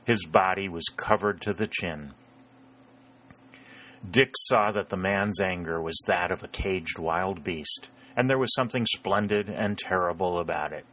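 Deep-voiced man narrating a novel. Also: a little slow, a bit bright. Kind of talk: audiobook narration.

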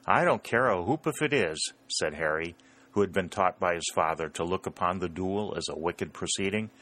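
A man's voice: sits low, fairly bright tone. A man narrating a novel aloud, reading the characters' dialogue with a slightly raised voice. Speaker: audiobook narrator. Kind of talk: scripted narration.

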